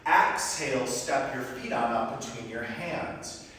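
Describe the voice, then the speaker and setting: A man's voice: mid-range voice, takes it slowly, sharp tone. A man teaching a live yoga class, calling out poses in time with the breath. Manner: cueing poses in rhythm with the breath. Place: yoga studio. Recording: echoey studio with long reverb, mic far off.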